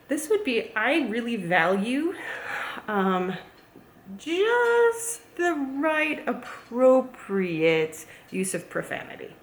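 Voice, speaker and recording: A woman's voice: mid-range voice, slight background noise. A woman chatting casually as a plant YouTuber, gushing and playful. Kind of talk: casual vlog chat. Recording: echoey room, faint ambience.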